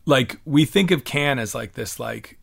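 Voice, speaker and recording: A middle-aged man musician from the United States, rambling through a conversational interview. He talks in a self-deprecating way and restarts his sentences often. His voice sits at an average pitch. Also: animated, unhurried, vocal fry, a bit bright. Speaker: musician guest.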